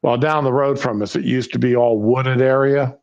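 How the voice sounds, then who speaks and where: Older male host, halting casual chat, muffled lo-fi stream audio. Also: mid-range voice, fairly even intonation, darkish tone. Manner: halting, with many restarts and fillers.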